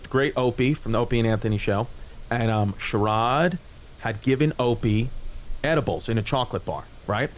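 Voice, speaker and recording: A young man from New York telling a story in an excitable way, swearing often. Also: mid-range voice, moderate pace, slight background noise. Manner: excitable, swearing, acts out quotes. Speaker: podcast guest telling a story. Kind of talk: animated storytelling.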